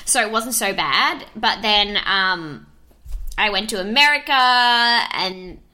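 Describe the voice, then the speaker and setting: A woman's voice: mid-range voice, slow pace. A young woman, chatting casually on a podcast, swearing often and laughing as she tells stories. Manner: swears a lot, laughs often, animated storytelling.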